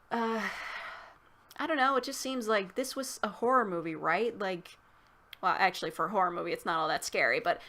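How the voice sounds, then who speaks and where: A woman's voice: medium pitch, pushed and bright. A woman recapping and reviewing a movie in a casual, rambling way, heavy on "like" and swearing. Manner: rambling, profane, filler-heavy.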